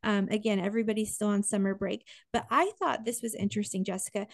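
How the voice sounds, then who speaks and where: A woman's voice: medium pitch, fairly even intonation, fast, vocal fry, no echo. Chatty woman co-hosting a dry podcast. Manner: chatty, enthusiastic, self-interrupting. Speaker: podcast co-host. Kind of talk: casual podcast chat.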